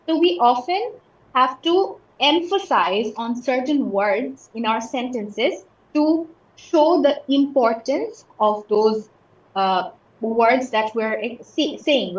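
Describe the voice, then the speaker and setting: A woman from Bangladesh, her voice a little high, patiently teaches an English lesson, running through example after example and checking that students understand. The audio is somewhat dull and echoey, like an online class.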